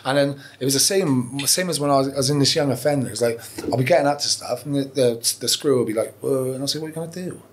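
A man's voice: medium pitch, fast talker, hardly any pauses. A man, telling his story as a podcast guest, candid and profane, rambling with restarts. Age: 40s. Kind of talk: casual interview storytelling.

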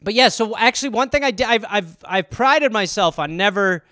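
Man, solo comedy podcast host: high, animated voice, rambling and profane. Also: no room sound, studio quality. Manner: rambling, profane, animated storytelling with quick voice impressions. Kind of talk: casual solo comedic riffing.

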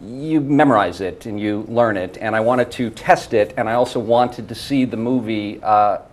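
A man's voice: on the low side, moderate pace. A man from Canada, a game show guest, telling a rambling casual story and laughing at it himself. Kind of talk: casual anecdote.

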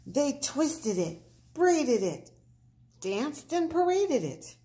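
A woman reads a children's picture book aloud at a very slow, deliberate pace. Her voice leaps and dips with lively expression, playing up every sound effect. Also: high voice. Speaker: storybook reader.

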